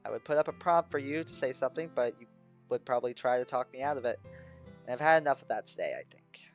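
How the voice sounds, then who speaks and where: A tired, hopeless teenage girl, read aloud by a man in a game playthrough, speaking softly with halting pauses and apologies. The voice sits at a middle pitch with a faint bed of music behind it. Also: highs cut off, natural voice. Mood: tender farewell. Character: despairing, exhausted teenage girl.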